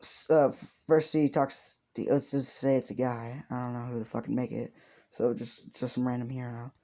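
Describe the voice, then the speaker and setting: A young man telling an improvised story off the cuff, rambling and swearing a lot. His voice sounds mellow and dark in tone. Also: mid-range voice, flat delivery, moderate pace.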